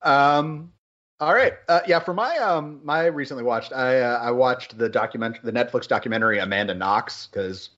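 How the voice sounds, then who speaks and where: A man hosting a podcast in a casual, rambling chat, animated and full of fillers. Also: medium pitch, moderate pace, muffled recording. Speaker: podcast host.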